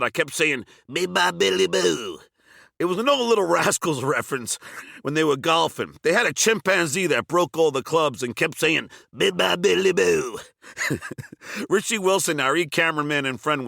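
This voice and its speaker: A man's voice: fairly high pitch, creaky, sharp tone, no echo, studio quality. A man reading his own memoir aloud, telling crude and sarcastic stories. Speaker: memoir narrator.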